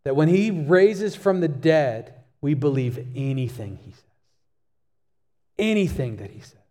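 A man's voice: a little high, expressive, measured pace, warm tone, big-room sound. A male pastor preaching a sermon, emphatic and repeating key phrases for stress.

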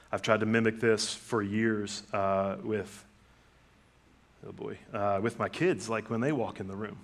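Middle-aged pastor preaching in a storytelling way. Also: male voice, on the low side, normal speed. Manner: conversational storytelling with lively acted-out quotes. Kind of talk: sermon.

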